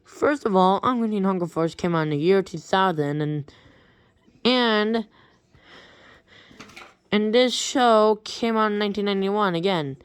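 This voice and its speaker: A woman retelling a creepy story in a rambling, halting way with many restarts. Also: medium pitch, clean tone, no echo.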